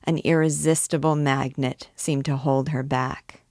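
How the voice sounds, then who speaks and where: A woman reading a classic novel aloud in a measured, expressive storytelling manner. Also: low-pitched, no echo, clean studio sound. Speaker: reader.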